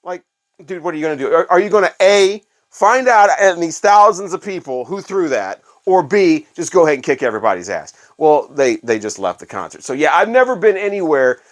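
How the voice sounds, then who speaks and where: A man's voice: on the high side, brisk, hardly any pauses. Rambling, profane middle-aged man telling stories. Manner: rambling, profane, animated anecdotes with restarts. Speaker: vinyl collector channel host. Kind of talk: casual storytelling monologue.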